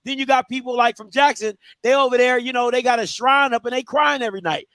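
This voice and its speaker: A man's voice: very high-pitched, steady tone, fast talker, a bit bright, no room sound. A man hosting a call-in sports show, talking casually and laughing, with "you know what I'm saying" again and again.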